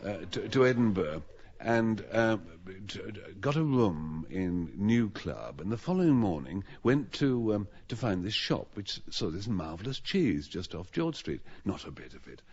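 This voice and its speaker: A man with a low voice tells a rambling, self-mocking comic story on a radio panel show, his pitch rising and falling in lively swings. He stumbles over restarts as he talks. The sound is dull and lo-fi, like an old broadcast. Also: a little slow, husky. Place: radio studio with audience.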